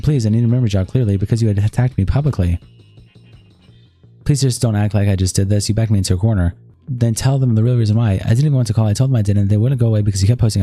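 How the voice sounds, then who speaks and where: Rapid low-voiced man reading texts aloud. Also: dark tone. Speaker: streamer. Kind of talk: reading a text-message exchange aloud.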